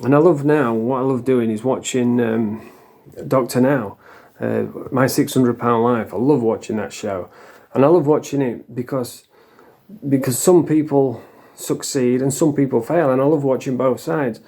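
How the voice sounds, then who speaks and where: A man's voice: medium pitch, normal speed, mellow. A middle-aged man from England, talking casually and bluntly to camera, rambling and swearing freely. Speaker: vlogger.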